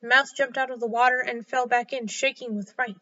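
A woman reads a children's story aloud with clear, expressive delivery. Her voice is high and bright. The recording is a little dull and lo-fi. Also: brisk. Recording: slightly dull lo-fi sound.

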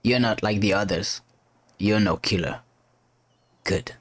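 A man's voice: fairly low pitch, a little slow, lightly acted. A man voicing a cold, terse male ninja in a game. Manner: terse, clipped.

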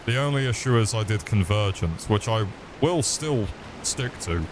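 A young British man giving live gameplay commentary, excitable and sweary as he chats with viewers. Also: lowish voice, normal speed, background noise. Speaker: streamer.

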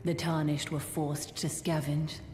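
An actress voicing a stately noblewoman who rules a rebel manor, speaking in a solemn, formal, measured way. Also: sits low, level tone, heavy background noise. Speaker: game character. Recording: game audio, echoey hall with music.

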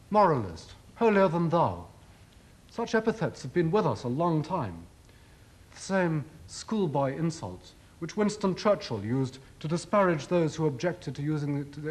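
A man lecturing formally on television. His pitch rises and falls in wide, animated swings. He builds his points rhetorically and leans on ironic emphasis.

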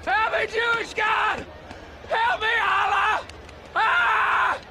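A panicked, shrieking victim. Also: male voice, extremely high pitch, level tone, slow, gravelly, full character voice. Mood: terrified. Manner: frantic shrieking. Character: panicked man screaming for help. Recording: noisy film clip with loud crowd.

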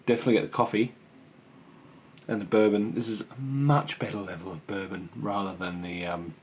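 Tasting his home brew for a casual vlog, a young man rambles chattily and self-deprecatingly. His voice is lowish and steady, a little fast, with some slight hiss or hum in the recording.

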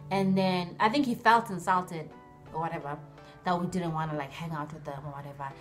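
A young woman vlogger telling a story in a lively way, acting out the dialogue in different voices. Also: on the low side, fairly quick, faint music behind. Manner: animated, acts out dialogue in voices. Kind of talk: storytime vlog.

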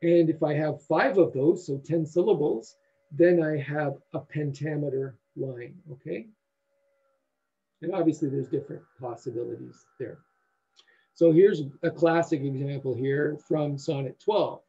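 A man giving a university lecture in a halting way, with many fillers and restarts. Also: on the high side, mellow, breathy edge, dull audio.

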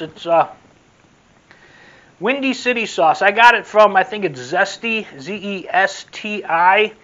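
In lo-fi audio, a male food vlogger with a high-pitched, sharp voice gives a casual taste-test review of a sauce. He rambles, repeats himself, and signs off in a friendly way.

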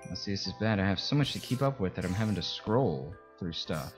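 A man narrating his own gameplay as a let's play, excitable and quick to yelp and groan when things go wrong. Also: low-pitched, faint music behind, low-quality recording. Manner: excitable, yelps and groans at in-game threats. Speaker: gameplay commentator.

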